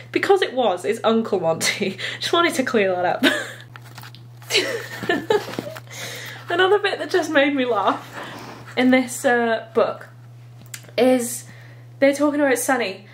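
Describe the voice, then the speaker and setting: Brief: giggly woman book vlogger with a slightly high voice, casual chat into a handheld phone at home. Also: a little hiss or hum. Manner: giggly and chatty, laughs at herself. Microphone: handheld phone camera.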